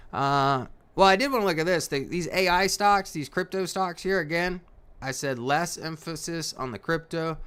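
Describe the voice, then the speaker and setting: A man's voice: medium pitch, a bit bright. A man hosting a live stock market stream in casual commentary. He talks in a folksy way, laughs often and keeps asking "right?".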